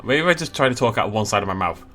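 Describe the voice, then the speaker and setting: A man's voice: lowish voice, very animated, rapid-fire, sharp tone, faint music behind. A man doing a comic game playthrough, playfully jumping between silly character voices and mocking himself. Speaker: gameplay commentator voicing characters.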